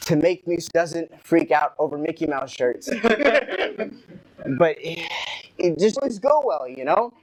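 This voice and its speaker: A young man doing a stand-up comedy set, telling stories with animated delivery and bursts of shouting in quoted rants. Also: on the high side, takes it slowly, long pauses, background noise. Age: young adult.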